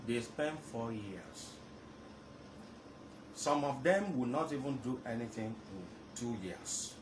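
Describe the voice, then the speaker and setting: Slow, emphatic pastor in a roomy studio. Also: male voice, mid-range voice, lively intonation, far from the mic, background noise. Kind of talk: radio talk show discussion. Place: radio studio.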